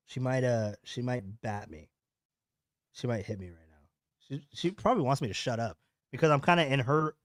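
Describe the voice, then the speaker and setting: A man's voice: medium pitch, dry recording, clean studio sound. A man hosting a live podcast, rambling casually and repeating his words as he chats with viewers. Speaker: podcast host. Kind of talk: casual live-stream chat.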